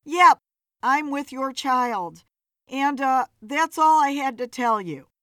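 A woman's voice: sits high, slow, bright, forceful tone, no room sound, studio quality, pitched above the performer's own voice, exaggerated voice. A woman voicing a blunt, weary female bartender in an audiobook story.

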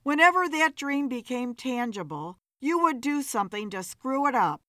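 A woman's voice: high voice, big pitch swings, normal speed, a bit bright, dry recording, clean studio sound. A woman voicing a blunt, weary female bartender in an audiobook story.

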